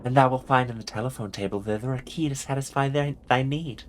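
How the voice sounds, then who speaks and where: A man's voice: lowish voice, level tone, moderate pace, sharp tone. A man voicing a stiffly formal, old-fashioned woman in a game, speaking in archaic thee-and-thou phrasing. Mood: stately. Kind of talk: game voice acting.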